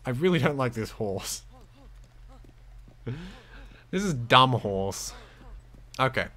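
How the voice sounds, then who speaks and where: A young man commentates a video game live from his desk mic. He speaks unhurriedly, with a pitch that rises and dips freely. His manner is giggly and self-mocking, and he often talks straight at the game. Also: very animated, slow, bright, forceful tone. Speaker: streamer. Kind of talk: live-stream gameplay commentary.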